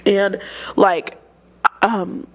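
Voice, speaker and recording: A young woman telling a story as a guest in a casual interview, with an animated, laughing delivery. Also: medium pitch, extremely slow. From United States.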